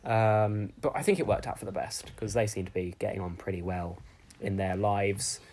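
A man co-hosting a casual comedy podcast, rambling and halting with lots of fillers. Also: lowish voice, a little mellow, slight background noise. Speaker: podcast co-host.

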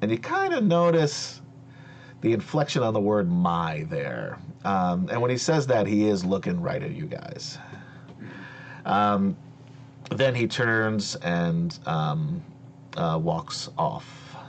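A man narrates a tabletop game as game master in a deep voice. He talks slowly, pausing often on fillers. A faint hum runs under the recording. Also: sing-song. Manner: slow, hesitant narration with many fillers.

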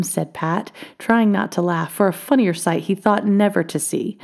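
A woman reading a children's storybook aloud, expressive and often dropping to a hush. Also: mid-range voice, unhurried, few pauses.

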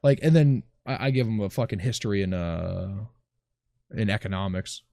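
A man's voice: fairly low pitch, expressive, moderate pace, creaky, warm tone, no echo, clean studio sound. A man co-hosting a casual podcast chat, talking in a sarcastic, swearing way and often trailing off mid-sentence.

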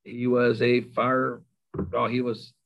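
A middle-aged man spins a rowdy yarn about his coaching days, and he often pokes fun at himself. His voice sits at an ordinary pitch. The recording sounds a little dull and lo-fi. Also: slow pace, gravelly. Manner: animated, self-mocking storyteller. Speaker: high school football coach. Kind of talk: storytelling in an interview.

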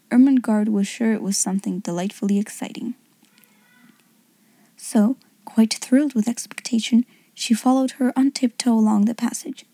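Woman narrator, whispered storybook reading, hushed, mellow tone, dry close sound. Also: a little high, dry recording. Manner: soft, hushed, unhurried.

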